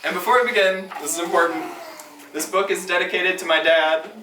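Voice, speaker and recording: An author reading his picture book aloud to preschoolers at a school, animated and asking the children questions. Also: high voice, a little fast. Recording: echoey room, from far off, loud noise.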